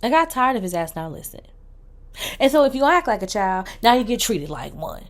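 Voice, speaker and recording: Brisk and fairly high-pitched with big swings in pitch, a female vlogger in her thirties delivers a casual, comedic rant to camera. She's blunt and swears freely, jumping between loud bursts and quiet asides and stretching words out for emphasis.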